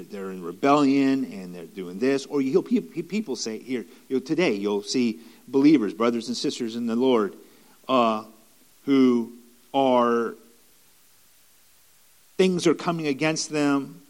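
A man's voice: mid-range voice, normal speed, darkish tone. A man preaching a sermon in an earnest, repetitive way, with restarts and rising emphatic stretches.

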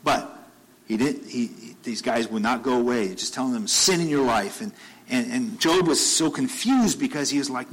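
Speaking at normal speed with a medium pitch and a breathy edge, this preacher delivers his sermon conversationally. He keeps repeating phrases, rising into urgent, insistent questions to drive home each point, and the recording is rough.

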